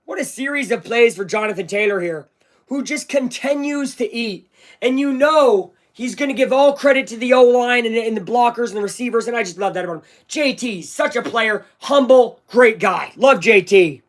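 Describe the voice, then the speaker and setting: A young man calling a football game live for his viewers as an excited fan, talking straight to his audience. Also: very high voice, moderate pace. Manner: hyped, talks straight to viewers. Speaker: fan streamer doing live play-by-play.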